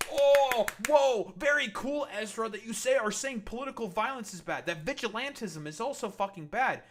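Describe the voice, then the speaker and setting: A man's voice: fairly high pitch, a bit bright. Guy streamer going off, swears nonstop, mocking, voice jumps all over the place. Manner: heated, profane, mocking. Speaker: political streamer. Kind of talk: ranting live-stream commentary.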